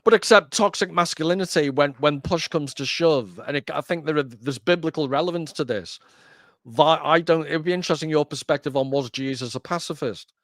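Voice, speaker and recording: A man's voice: fairly high pitch, brisk, no echo. Wry man, dry close mic. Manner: wry, joking, rambling. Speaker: podcast host. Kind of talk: casual conversation.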